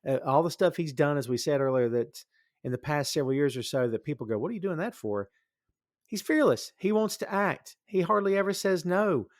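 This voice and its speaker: A man's voice: a little high, expressive, brisk, dry recording, studio quality. A man with a Southern US accent hosting a podcast, chatting casually with many fillers and frequent laughs. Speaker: podcast host.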